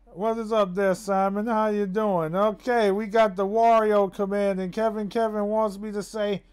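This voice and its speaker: A young man streaming a game live, chatting with viewers, laughing often and yelling when surprised. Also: high-pitched, little pitch movement, moderate pace, smooth. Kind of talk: casual live-stream commentary.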